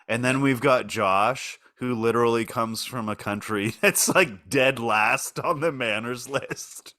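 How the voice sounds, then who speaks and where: A man's voice: medium pitch, measured pace, sharp tone. A man from Canada co-hosting a podcast, chatting in an easygoing, joking way. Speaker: podcast co-host. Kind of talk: casual chat.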